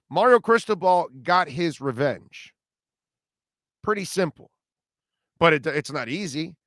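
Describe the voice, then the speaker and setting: Middle-aged guy ranting on sports radio, blunt and preachy, pitched kinda high. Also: fairly bright tone, no room sound, studio quality. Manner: blunt, preachy, punchy and emphatic. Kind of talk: opinionated sports talk monologue.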